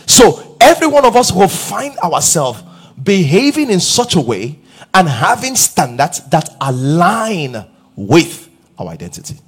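Husky preacher man, lively pitch. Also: measured pace. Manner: emphatic preaching with call-and-response questions and rising shouts. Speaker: pastor. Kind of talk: sermon.

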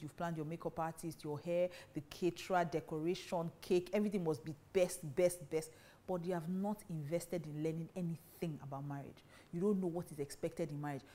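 Fast-preaching woman, warm tone. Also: lowish voice. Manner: emphatic, fires rhetorical questions. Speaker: Christian marriage teacher. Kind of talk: preaching talk to women.

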